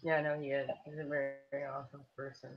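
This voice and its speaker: A woman speaking quietly as a panel guest in a casual live stream chat. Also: a bass voice, level tone, fast talker, dry recording, dull audio. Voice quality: soft-spoken, quiet.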